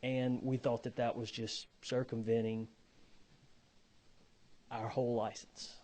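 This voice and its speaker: A man giving committee testimony as an auctioneer, halting and repeating words as he explains. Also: mid-range voice, flat delivery, mellow.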